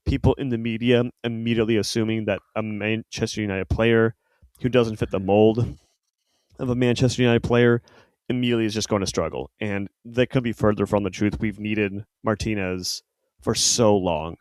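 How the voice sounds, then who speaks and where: Man, podcast co-host, casual football talk, rambling, lowish voice, dry close sound. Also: fairly even intonation, moderate pace, a little mellow, clean tone, no room sound. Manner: rambling, filler-heavy, self-correcting.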